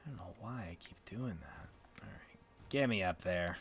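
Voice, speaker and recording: Streaming a game for the first time, a man with a low, expressive voice talks at a moderate pace, thinking aloud as he navigates menus. He sounds unsure and casual, mumbling menu names as he goes.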